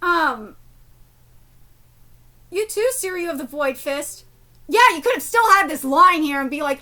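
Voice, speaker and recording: A woman's voice: high-pitched, lively intonation, unhurried, pauses often, bright, forceful tone. A woman in her thirties giving live reaction commentary, ranting profanely with lots of fillers and restarts, angry. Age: 30s. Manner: rambling with many fillers and restarts. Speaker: streamer reacting to a manga chapter.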